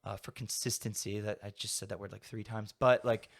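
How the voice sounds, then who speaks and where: A young man with a slightly low voice rambles easily through a casual podcast conversation, leaning on filler words as his thoughts wander. He sounds like a relaxed guest chatting with a friend. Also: a little fast, gravelly. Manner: rambling, heavy use of "like" fillers.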